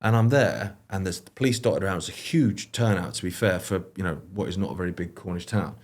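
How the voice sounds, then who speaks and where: Male guest, British accent, lowish voice, loose rambling storyteller. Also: quick pace, a little mellow. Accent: British English. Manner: rambling, anecdotal, frequent fillers and restarts. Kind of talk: casual conversational chat.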